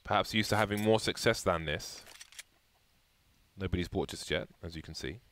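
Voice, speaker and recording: A man giving play-by-play commentary on an esports match, getting excitable and rising with the action. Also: sits low, moderate pace.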